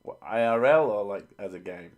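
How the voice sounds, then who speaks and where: A man's voice: on the low side, animated, moderate pace, narrow, tinny audio. A man hosting a casual livestream, reading out chat and joking with a lot of swearing. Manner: profane, joking, easily sidetracked.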